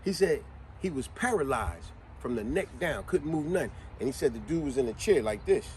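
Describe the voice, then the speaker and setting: A man's voice: mid-range voice, lively intonation, normal speed, darkish tone, slight background noise. A man giving a motivational monologue, speaking in with an emphatic, conversational manner and frequent questions to the listener.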